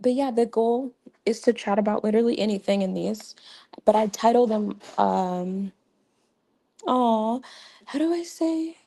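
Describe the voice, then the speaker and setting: A woman's voice: medium pitch, fairly even intonation, measured pace, creaky, warm tone. A young woman hosting a casual livestream, chatty and laughing often, with many fillers. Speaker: livestream host.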